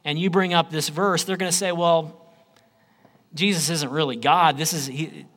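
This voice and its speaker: A man preaching a sermon, swinging between loud declarations and low, quiet phrases. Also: steady tone, moderate pace. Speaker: pastor.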